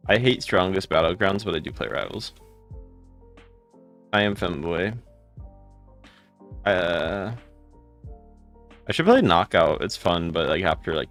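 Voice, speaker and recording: Man, low voice, tired, casual stream chat, greets viewers by name, faint music behind. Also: creaky. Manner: relaxed, greets viewers by name, rambling asides. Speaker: live streamer. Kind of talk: casual live-stream chat while gaming.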